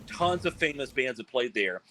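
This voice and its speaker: A man from South Carolina, a guest telling animated stories in a casual interview and acting out quoted voices. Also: medium pitch, moderate pace, rough recording. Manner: animated, acts out quoted voices, many fillers. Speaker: guest, band frontman.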